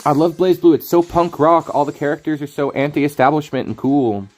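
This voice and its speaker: A man's voice: fairly high pitch, a little fast, a little mellow. A man streaming a card game, rambling through casual commentary, playful and laughing often.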